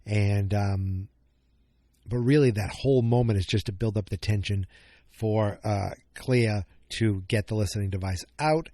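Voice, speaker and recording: A man's voice: lowish voice, a little slow, dark tone, dry recording, studio quality. A man hosting a casual solo podcast recap, thinking aloud with many fillers and self-corrections, sounding a bit tired. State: yawning, tired. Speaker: podcast host.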